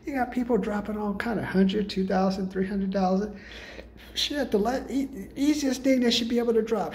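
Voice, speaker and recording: A man's voice: moderate pace, darkish tone. A man ranting in a comedic monologue as a self-styled sales guru, profane and rambling in streetwise slang, pushing his pricey programs. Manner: hard-sell pitchman. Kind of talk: comedic rant.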